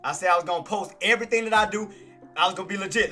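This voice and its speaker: A man giving live trading commentary, excitable and boastful, repeating himself as he shows his gains to viewers. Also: high-pitched, rapid-fire, soft background music. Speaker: day-trading streamer.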